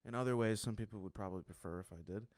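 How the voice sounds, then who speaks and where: A man's voice: on the low side, rapid-fire, a little mellow. A man speaking as a podcast guest, frank and open, often laughing between phrases. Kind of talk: candid conversational talk.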